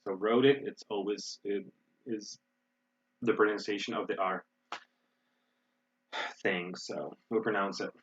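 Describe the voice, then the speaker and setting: Husky American man teaching online. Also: on the low side, a little slow, pauses often, dull audio. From United States. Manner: relaxed, explanatory, with frequent fillers and restarts. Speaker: English teacher. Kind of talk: online webinar lesson.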